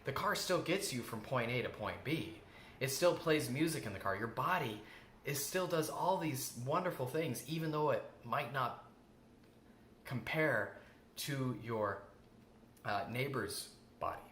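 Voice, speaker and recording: A man with a bright, forceful voice gives an earnest self-help lesson. He repeats his key points for emphasis. The room sounds echoey, with a faint hum of ambient noise behind him. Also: medium pitch, expressive, unhurried. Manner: earnest, repeats key phrases, acts out quoted self-talk. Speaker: host. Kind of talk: self-help coaching talk.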